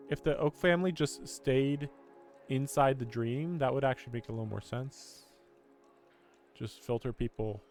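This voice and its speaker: A man streaming a story game and reacting to it in casual, rambling, critical talk, laughing often. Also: medium pitch. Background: faint game music.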